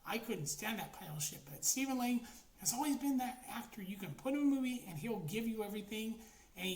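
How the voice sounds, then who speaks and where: Profane, rambling woman in an echoey room. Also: medium pitch. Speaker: film reviewer. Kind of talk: casual spoken movie review. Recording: roomy echo, faint background noise.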